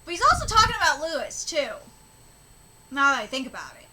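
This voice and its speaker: Woman reaction streamer, very high and bright voice, excitable and foul-mouthed, jumps all over in pitch. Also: a little fast. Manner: excitable, swears and laughs often. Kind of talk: live reaction commentary.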